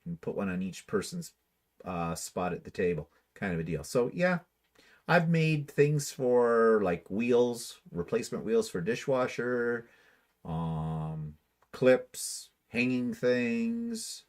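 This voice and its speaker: A man's voice: medium pitch, big pitch swings, slow pace. A man with an ordinary mid-range voice chats casually on a livestream over a video call mic. He reads viewer comments aloud and answers them with dry, wry jokes. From Canada. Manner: wry, dry humor, chatty. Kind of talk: casual chat.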